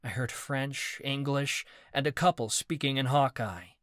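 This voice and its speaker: A man's voice: medium pitch, unhurried, a bit bright, dry recording. Man narrating an audiobook, dry close mic. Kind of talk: first-person fantasy audiobook narration.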